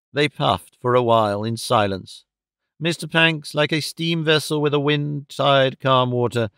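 Casting: male audiobook reader, clear smooth tone, dry close recording. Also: on the high side, a bit bright, no room sound. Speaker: audiobook narrator. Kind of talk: scripted narration.

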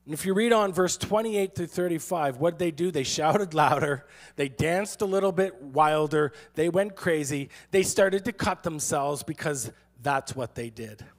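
A man's voice: fairly high pitch, moderate pace, few pauses. A man who is a pastor, giving a sermon in a playful, sarcastic storytelling manner and acting out quotes.

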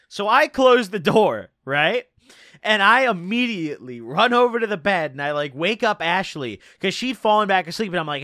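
Man, high voice, swoopy lively delivery, casual profane vlog storyteller. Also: normal speed, dry recording, clean studio sound. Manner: loose, profane, slangy storytelling. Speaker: YouTuber host.

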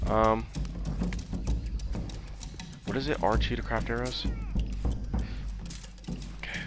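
A man giving casual, joking gameplay commentary, full of exclamations. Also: medium pitch. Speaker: gamer. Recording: game audio with loud music.

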